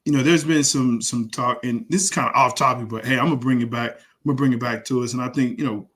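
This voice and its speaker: A man with a middle-pitched, everyday voice chats as a sports podcast co-host. He keeps things easygoing and conversational, chiming in often and acting out what people said. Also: fairly even intonation, fast, a bit bright. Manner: conversational, frequent agreeing backchannels, acts out quotes. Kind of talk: casual sports podcast talk.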